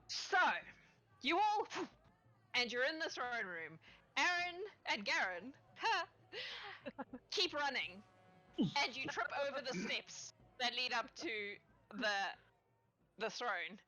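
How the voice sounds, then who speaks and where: A woman's voice: high-pitched, very animated, takes it slowly, long pauses, sharp tone. A woman running a tabletop game as game master, narrating playfully and laughing often.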